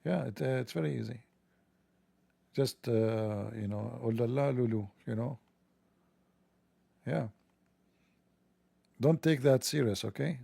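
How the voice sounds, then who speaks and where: A man with a gravelly, dark voice delivers a sarcastic monologue, heavy on mockery and rambling asides. The sound is dry and close. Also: medium pitch, slow pace, long pauses, dry recording. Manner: mocking, joking, rambling asides. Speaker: religion commentator.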